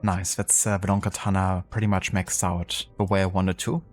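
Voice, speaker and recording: A man's voice: low voice, little pitch movement, normal speed, soft background music. A man streaming a video game live, chatting casually and thanking viewers with many fillers. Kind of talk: casual live-stream chat while gaming.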